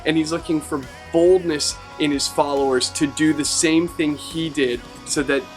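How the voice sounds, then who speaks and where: Man telling an animated testimony. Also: on the high side, moderate pace, faint music behind. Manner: animated storyteller acting out quotes. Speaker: youth ministry team member. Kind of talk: personal testimony storytelling.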